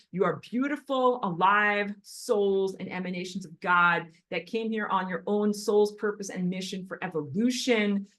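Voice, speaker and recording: A woman's voice: medium pitch, fairly bright tone. A woman giving an impassioned spiritual lecture in a blunt, emphatic and agitated manner while walking on a treadmill. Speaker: spiritual teacher.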